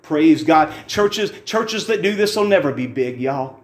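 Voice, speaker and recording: A man's voice: on the high side, expressive, measured pace, roomy sound. A man preaching a fervent, folksy testimony sermon in a church, repeating his phrases for emphasis.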